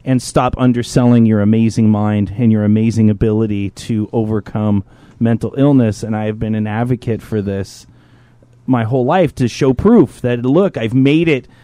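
A man's voice: fairly low pitch, moderate pace, dry recording. A man hosting a podcast, telling a personal story in casual talk, swearing freely and acting out other people's lines. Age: adult, a parent. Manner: profane, animated, jumps into impressions of others. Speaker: podcast host.

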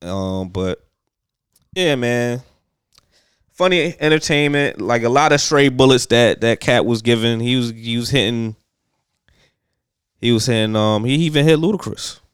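A man's voice: medium pitch, unhurried, pauses often, smooth, dry recording, clean studio sound. A man co-hosting a casual podcast chat, rambling and profane, full of fillers. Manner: laid-back, profane, rambling with many fillers. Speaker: podcast co-host.

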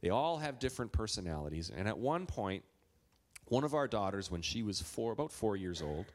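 A man's voice: on the low side, big pitch swings, brisk. A man in his thirties from Minnesota, a pastor preaching a sermon in a chatty, storytelling way with playful asides.

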